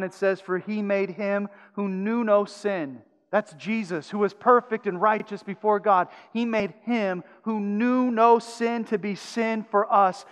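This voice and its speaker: High-voiced pastor preaching in a reverberant hall. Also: male voice. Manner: swings from loud urgent pleading to hushed intimate tones. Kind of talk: sermon. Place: church sanctuary.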